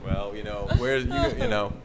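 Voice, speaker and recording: A man's voice: lowish voice, fairly even intonation, normal speed, a loud crowd. A man moderating a convention panel, asking friendly, rambling questions. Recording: noisy convention room.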